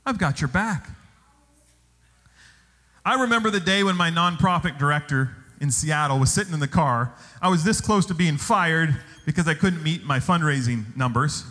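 A male pastor preaching a sermon, telling stories with animated exclamations. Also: on the high side, a little fast, hardly any pauses. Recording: long hall reverb.

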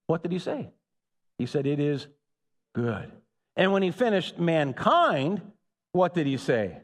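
A man's voice: fairly high pitch, sing-song, a little slow. A man preaching a sermon as pastor, building to emphatic peaks and calling out to the congregation. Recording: long hall reverb.

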